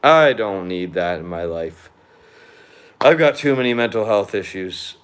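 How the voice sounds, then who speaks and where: A man's voice: fairly low pitch, lively intonation, unhurried, smooth. A young man venting in a casual vlog monologue over a beer, blunt, rambling and full of swearing. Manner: drinking beer while chatting. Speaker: vlogger.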